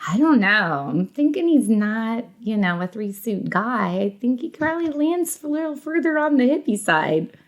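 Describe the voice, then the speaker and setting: A woman's voice: fairly high pitch, sing-song, normal speed, hardly any pauses. A woman with a Northern US accent, chatting upbeat as a podcast guest and laughing easily. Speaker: podcast guest, children's ministry coordinator. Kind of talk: casual conversational interview.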